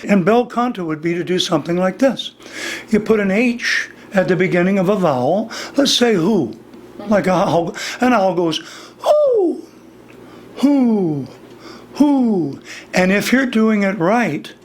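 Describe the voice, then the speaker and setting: An older man teaching singing in a slow, deliberate interview manner, his voice slightly worn. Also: high voice, expressive, slight background noise. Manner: demonstrates vocal registers, slow and deliberate. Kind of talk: instructional interview.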